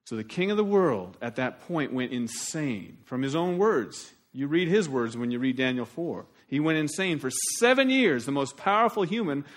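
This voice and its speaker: A man preaching a sermon as pastor, animated and shifting between loud emphasis and quiet asides. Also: fairly high pitch, moderate pace, hardly any pauses.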